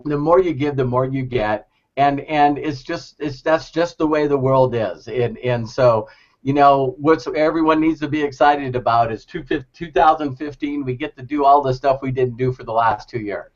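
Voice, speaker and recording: A man giving a lively, laughing motivational talk to a group, acting out quoted voices. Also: medium pitch, moderate pace. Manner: animated, laughing often, acts out quoted voices. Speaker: motivational speaker. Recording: dull lo-fi recording.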